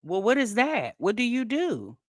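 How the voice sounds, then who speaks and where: A woman's voice: on the high side, huge pitch swings, a little slow, dry recording, studio quality. A woman hosting reaction commentary, mocking and picking apart a streamer's words. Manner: mocking, critical. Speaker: commentary host.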